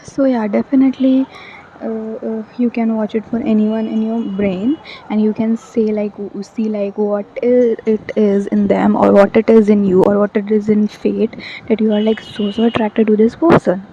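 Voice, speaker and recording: A woman's voice: medium pitch, little pitch movement, normal speed, highs cut off, slight background noise. A woman from India giving a casual, rambling tarot reading, chatty with many fillers. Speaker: tarot reader.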